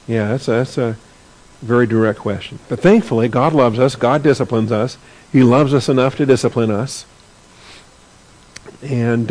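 A man's voice: medium pitch, a little mellow, low-quality recording. A man teaching a Bible class in an earnest, conversational way, often repeating words as he searches for the next phrase.

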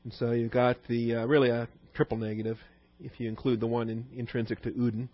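A man's voice: mid-range voice, flat delivery, fast. A man giving a conversational Bible study lecture as the teacher, often asking his listeners questions. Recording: dull dry recording.

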